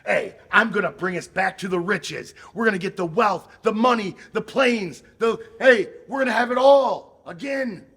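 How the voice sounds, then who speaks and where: Eager, pleading wrestler. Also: male voice, normal speed, vocal fry, hardly any pauses, a bit bright. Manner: eager, pleading salesman pitch. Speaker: wrestler in a backstage skit. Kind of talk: backstage skit.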